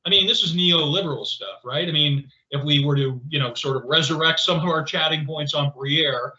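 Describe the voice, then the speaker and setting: A man co-hosting a podcast, chatting casually in an animated, rambling way with lots of fillers. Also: a little high, fairly quick. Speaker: podcast co-host. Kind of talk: casual conversational chat. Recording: roomy, slightly dull podcast audio.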